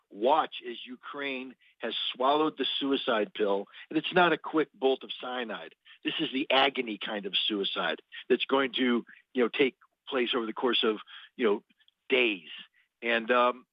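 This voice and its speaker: A man's voice: medium pitch, dry recording. Blunt male radio guest, sardonic, stumbling repeats, dry close mic, muffled lo-fi sound. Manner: blunt and sardonic, repeats words while finding them. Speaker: guest analyst. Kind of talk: radio interview commentary.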